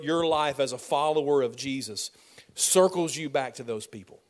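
Emphatic preacher, man with a raised voice. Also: a little high. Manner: emphatic, swinging between loud declarations and soft asides. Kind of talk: sermon.

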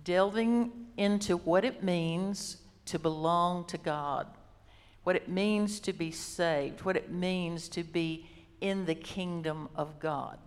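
Slow, deliberate woman preaching in a reverberant hall. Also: on the low side. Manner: slow, deliberate, emphatic repetition. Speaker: Bible teacher. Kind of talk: sermon.

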